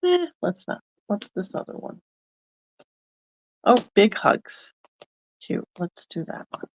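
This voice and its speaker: A woman's voice: medium pitch, takes it slowly, lo-fi sound. A woman hosting a card-making video, chatting casually and thinking aloud as she works. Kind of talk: casual crafting demonstration.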